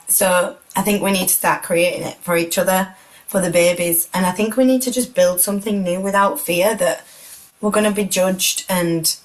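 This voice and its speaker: A woman's voice: on the low side, rough recording. A woman, emotional and close to tears, talking earnestly and reflectively as a guest in a heartfelt conversation.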